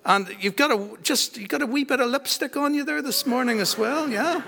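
High-voiced pastor, church echo. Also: male voice, normal speed, gravelly. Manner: warm, teasing, quizzes children. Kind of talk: children's talk in a church service. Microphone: handheld microphone passed around. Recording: long church reverb.

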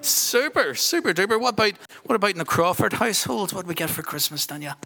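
Pastor, man, high voice, quizzing kids into a handheld mic, long church reverb. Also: lively intonation, quick pace, creaky. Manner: warm, teasing, quizzes children. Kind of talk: children's talk in a church service. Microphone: handheld microphone passed around.

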